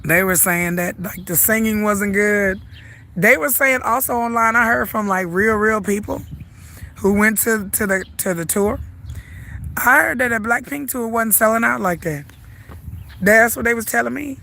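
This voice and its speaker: A middle-aged woman with a Southern US accent talks casually into her phone as she walks through a park, her voice hoarse and stuffed up from the flu. She speaks in a high, gravelly voice and keeps laughing between her rambling thoughts. Outdoor noise carries clearly behind her. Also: normal speed, bright, forceful tone. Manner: chatty, rambling, laughs often. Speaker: vlogger. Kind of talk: casual livestream chat while walking.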